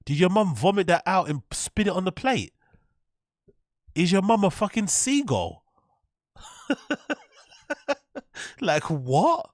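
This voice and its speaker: A man's voice: high-pitched, big pitch swings, slow, long pauses, no room sound, clean studio sound. A man hosting a reaction show, ranting in mocking, incredulous, sweary bursts. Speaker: host. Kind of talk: reaction commentary.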